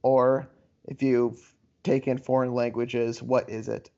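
A man in an easygoing chat, co-hosting a podcast and trading jokes. His voice sits at an ordinary pitch. The recording is a bit dull and lo-fi. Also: flat delivery, takes it slowly, warm tone. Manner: laid-back, joking. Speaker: podcast co-host. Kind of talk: casual chat.

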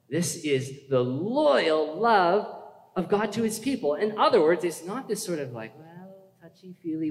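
A man preaching a sermon in a conversational way, asking the congregation questions and building to urgent emphasis. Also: on the high side. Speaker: pastor. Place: church hall. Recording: echoey hall with long reverb.

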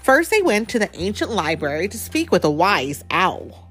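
A woman reads a picture book aloud at home to a child, her voice rising and falling with lively movement. She stops often to chat and ask questions. Faint music plays in the background. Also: mid-range voice, normal speed, slightly rough. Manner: chatty, asks the child questions. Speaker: parent reading to a child.

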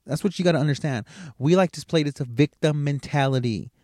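A man's voice: fairly high pitch, brisk, dark tone, dry recording. Middle-aged guy rambling into a podcast mic, cusses a lot, dry close sound. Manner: rambling, blunt and profane. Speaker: podcast host. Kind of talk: casual motivational monologue.

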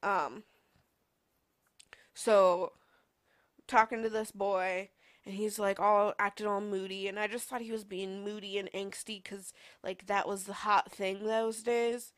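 A woman's voice: mid-range voice, steady tone, unhurried. A young woman in her twenties hosting a podcast, telling a personal story casually with lots of "like" and filler words. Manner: rambling, heavy use of "like" and fillers. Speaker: podcast host.

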